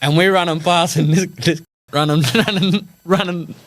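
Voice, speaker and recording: A man's voice: a little high, normal speed, no echo. A young Australian man hosting a podcast, telling stories with lots of laughter and slang. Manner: laughs often, animated storytelling, slangy. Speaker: podcast host. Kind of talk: casual chat.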